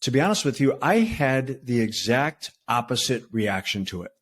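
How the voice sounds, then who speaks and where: A man in his sixties, a retired federal agent, telling his story as a podcast guest in relaxed talk with fillers and restarts. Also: medium pitch, normal speed, a little hiss or hum. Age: 60s. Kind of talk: conversational storytelling.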